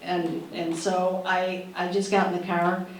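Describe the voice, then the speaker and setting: A middle-aged actress telling an animated anecdote at a panel, acting out the voices she quotes and laughing often. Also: on the low side, a little slow. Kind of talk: lively anecdote at a museum panel. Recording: distant roomy hall with faint noise.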